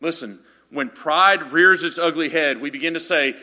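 A man in his thirties gives a sermon in a slightly high, bright and forceful voice. He tells stories that poke fun at himself, then builds to loud, emphatic passages. His words carry a long reverb, as in a large hall. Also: moderate pace, few pauses. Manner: animated storytelling with self-deprecating humor, building to loud emphatic passages. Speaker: pastor.

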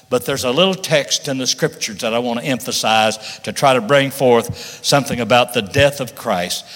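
A man's voice: medium pitch, a bit bright. A man preaching a sermon, reading scripture aloud and stressing key words with rising emphasis. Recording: long reverb of a large hall.

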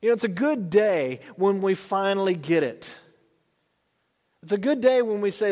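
A man with a high voice preaches a sermon in a church hall. He reads scripture slowly, then builds with rising emphasis. A long reverb hangs on every word. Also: expressive, darkish tone. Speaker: pastor.

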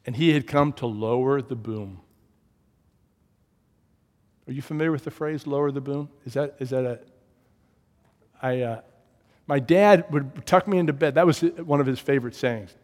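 Guy preaching a sermon, kinda high voice, big echoey church hall, goes loud then drops real quiet. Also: animated, normal speed, long pauses. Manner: storytelling, swings from loud emphasis to hushed low tones. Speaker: pastor.

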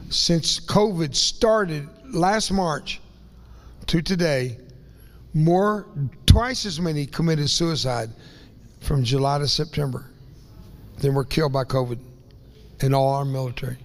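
A man preaches from the pulpit in a folksy, rambling way, his somewhat high voice rising and breaking into near-whispers. He mixes earnest appeals with self-deprecating asides. The sound rings out with a long reverb from the church hall. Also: slow, long pauses. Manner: voice rises and breaks into tearful whispers. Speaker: guest preacher. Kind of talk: emotional Pentecostal sermon. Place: church sanctuary.

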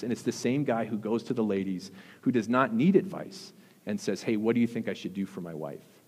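A man preaching a sermon as pastor, earnest, with emphatic rises and soft, intense drops. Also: on the low side, a little fast, husky. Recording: long hall reverb.

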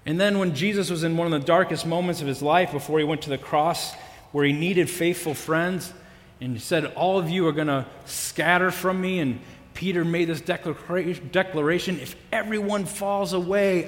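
A man delivers a sermon from the front of a church, his voice pitched a little high for a man. He speaks earnestly, leaning on key words and pausing for effect, and a long reverb trails behind him in the large worship space. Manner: earnest, emphatic preaching with dramatic pauses. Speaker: pastor.

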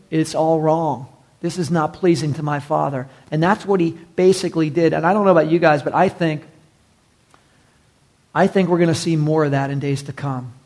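A man's voice: fairly high pitch, gravelly, darkish tone. A man preaching a sermon in a passionate, conversational way, acting out quotes as he goes.

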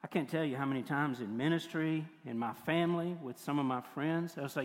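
An older man preaching a sermon as pastor, moving between forceful points and hushed, tender passages. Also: fairly high pitch, fairly quick, hardly any pauses. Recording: long hall reverb.

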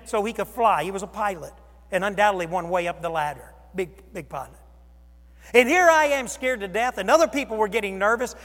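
A male pastor preaching a sermon, with dramatic swings from loud exclamations to hushed near-whispers. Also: high-pitched. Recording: long reverb of a large hall.

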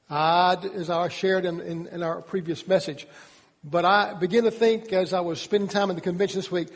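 A man's voice: high-pitched, slightly rough, long reverb tail. A middle-aged man from Georgia with a Southern accent, preaching an earnest sermon as pastor, restarting his words often. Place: church sanctuary.

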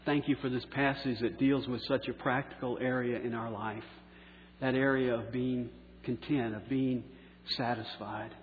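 A pastor preaching a sermon, slowing down for key phrases and letting line endings trail off softly. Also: male voice, medium pitch, fairly even intonation, a little hiss or hum. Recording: echoey hall on a tinny phone-like line.

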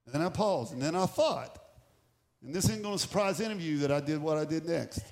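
High-voiced preaching man, animated. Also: brisk. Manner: animated storytelling, acting out dialogue. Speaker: pastor. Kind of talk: sermon with personal story.

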